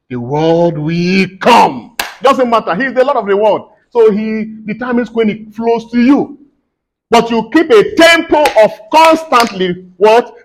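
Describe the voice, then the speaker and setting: A man's voice: sits high, rough recording. A man preaching a sermon in church, emphatic and repetitive, asking the congregation to fill in his questions.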